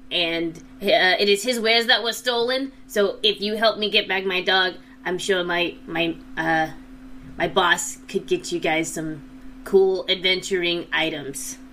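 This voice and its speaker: A woman's voice: medium pitch, bright, forceful tone, a little hiss or hum. A woman voicing a timid young male goblin apprentice, earnest and overly polite, stammering a little.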